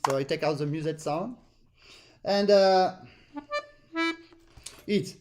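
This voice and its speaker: A man's voice: a little high, slow, darkish tone, faint music behind. A man, teaching accordion technique over a video call. He explains patiently and sings out rhythms in short syllables to demonstrate. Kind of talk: online master class instruction.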